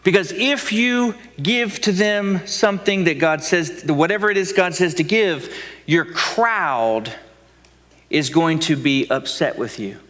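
Man, pastor, sermon, dramatic, acts out voices, slightly high voice, long hall reverb. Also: a little slow, fairly bright tone.

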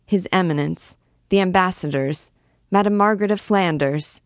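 A woman's voice: fairly low pitch, moderate pace, no echo, studio quality, voice pushed up, lightly acted. A woman reading as a terrified, stammering actor. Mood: nervous. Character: terrified male actor playing Jupiter, stammering.

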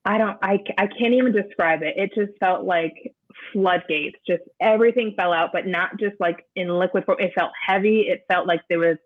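A woman, an interview guest, recounting a personal experience in a halting way, often restarting as she searches for words. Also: on the low side. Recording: narrow phone-like sound.

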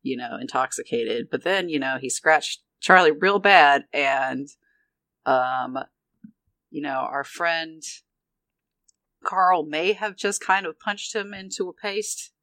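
A man's voice: on the high side, slow pace, pushed and bright, no room sound. A man playing a tabletop game, giving a rambling, wry recap full of fillers. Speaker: player.

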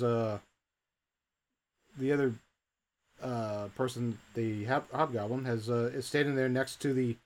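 A man narrating a tabletop role-playing game as game master, rambling with fillers and restarts. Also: mid-range voice.

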